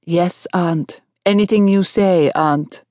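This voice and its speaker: A woman's voice: fairly low pitch, slow, darkish tone, no echo, studio quality. A woman voicing a confident, teasing young man in an audiobook. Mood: playful. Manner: playful and joking.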